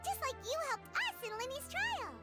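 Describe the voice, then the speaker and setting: A woman voicing a tiny floating fairy companion in a video game, in a high, squeaky, bouncy voice. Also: big pitch swings, moderate pace, pushed and bright, heavily acted. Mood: chirpy. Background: game music.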